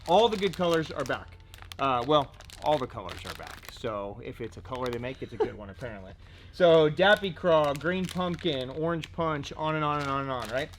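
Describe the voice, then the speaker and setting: Showcasing fishing gear for a tackle shop, a man talks in a fairly high, animated voice at a moderate pace, with slight background noise. He keeps things casual and jokey, leaning on fillers like "so" and "right?".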